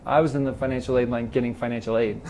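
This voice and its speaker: Middle-aged man telling animated stories. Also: medium pitch, very fast, slight background noise. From Los Angeles. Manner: animated storyteller acting out quoted dialogue. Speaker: interview guest, triathlon club president. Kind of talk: casual storytelling interview. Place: garage.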